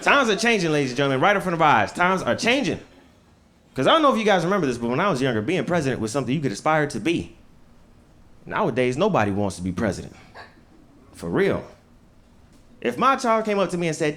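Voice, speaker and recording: A man from the United States performing a stand-up comedy set with punchy, animated delivery and casual swearing. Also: fairly high pitch, fast, pauses often.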